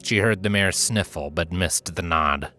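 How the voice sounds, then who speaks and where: Low, sharp-toned male storyteller. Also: a little slow, faint music behind. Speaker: narrator and reader. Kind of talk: fanfiction audiobook narration.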